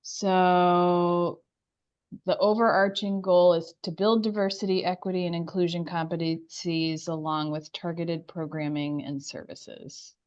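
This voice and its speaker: A woman speaks over a video call during a remote public meeting, her voice pitched on the low side. The line sounds dull and lo-fi. She explains things at length, padding her talk with fillers. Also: level tone, unhurried, darkish tone. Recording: muffled video-call audio.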